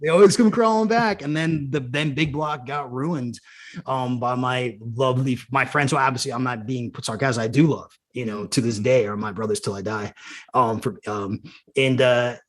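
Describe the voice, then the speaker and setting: Guy rambling thru old punk band stories, lots of like and restarts, middle pitch, swears a bunch. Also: steady tone, moderate pace, fairly bright tone. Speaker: podcast guest, showrunner and former punk musician. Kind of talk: casual conversational storytelling.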